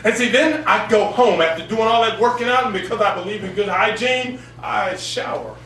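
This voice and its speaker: Baritone poet in an echoey room. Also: male voice, moderate pace, a bit bright. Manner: rhythmic delivery built on a repeated refrain. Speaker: open mic poet. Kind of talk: spoken word poetry performance. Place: cafe gallery open mic stage. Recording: echoey room, far from the mic, faint hum.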